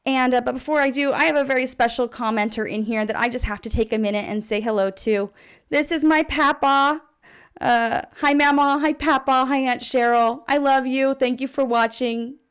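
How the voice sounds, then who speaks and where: A woman's voice: high-pitched, steady tone, moderate pace, smooth. A woman hosting a charity livestream, chatty and upbeat. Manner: chatty and upbeat, with laughs and fillers. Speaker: livestream host.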